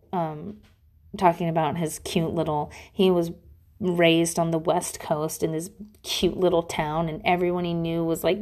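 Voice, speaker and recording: A woman in a middle pitch range chatting on her own to her viewers. She rambles and swears casually while poking fun at herself, speaking from a bathroom at home. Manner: profane, rambling, animated, self-mocking. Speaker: mother talking to her audience. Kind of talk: casual solo monologue.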